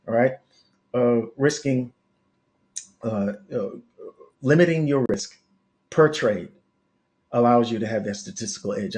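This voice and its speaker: A man's voice: medium pitch, darkish tone. A man teaching forex trading on a live stream, thinking aloud over his charts with many restarts and coaching his viewers directly. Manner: coaching, talks straight to viewers. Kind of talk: live market analysis stream.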